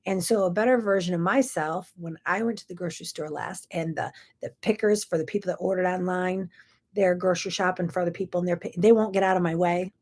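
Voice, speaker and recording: A woman's voice: lowish voice, fairly even intonation, quick pace, darkish tone. A middle-aged woman, hosting a chatty, folksy morning talk show. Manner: chatty, folksy, says y'all. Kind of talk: casual chat.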